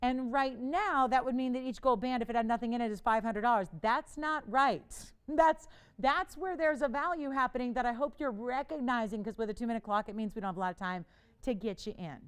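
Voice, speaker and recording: In a TV studio, a woman hosts a live jewelry shopping show, pitching an auction in a chatty, playful manner, laughing often and urging bidders on. Her voice is clear and resonant, and she speaks briskly.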